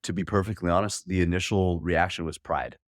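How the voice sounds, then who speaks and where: Man, forties, very low voice, earnest, candid, podcast guest, dry sound. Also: steady tone, a little fast, no echo. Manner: earnest and candid, with frequent restarts. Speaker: podcast guest, wealth management coach. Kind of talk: candid personal storytelling.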